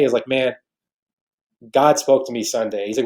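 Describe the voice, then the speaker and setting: Speaking briskly in a darkish, mid-range voice with fairly even intonation, a podcast guest from New York in his forties tells an emotional story of his faith, restarting many times in an earnest testimony.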